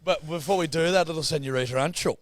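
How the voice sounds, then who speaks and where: A fairly high-pitched man talks quickly while co-hosting a casual podcast, cursing freely and acting out the characters in his story with animation. The studio-quality recording has no room sound.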